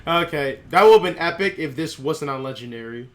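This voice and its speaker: A man's voice: on the high side, expressive, brisk, noisy background. Joking young male game streamer. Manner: joking, playful. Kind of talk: casual commentary while gaming. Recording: game music behind him.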